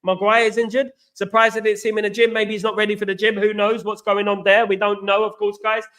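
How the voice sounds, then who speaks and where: A man's voice: high voice, little pitch movement, quick pace, fairly bright tone. A man hosting a casual football live stream, rambling and repeating himself as he chats with viewers and reads their comments. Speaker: football channel host.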